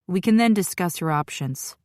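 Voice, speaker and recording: A woman narrator voicing a calm, matter-of-fact male doctor explaining options in an audiobook. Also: fairly low pitch, normal speed, no room sound, studio quality, natural voice. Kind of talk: audiobook character voice.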